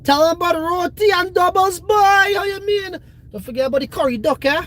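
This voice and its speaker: A man's voice: very high voice, brisk, fairly bright tone, pitched above the performer's own voice. A man putting on a Trinidadian accent, voicing a jovial Trinidadian man who banters teasingly about food.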